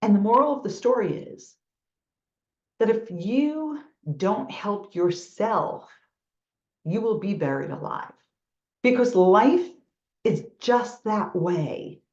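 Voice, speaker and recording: A motivational speaker, a middle-aged woman from New York with the local accent, tells stories and performs the thoughts she quotes. Her medium-pitched voice has lively intonation and a darkish tone, moving slowly with frequent pauses; the room echoes and the sound is dull and lo-fi.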